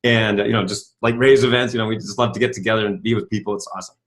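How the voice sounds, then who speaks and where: Low-voiced and rapid-fire, a middle-aged man delivers a motivational talk built around a story whose dialogue he acts out. He leans on rhetorical questions and keeps asking "right?"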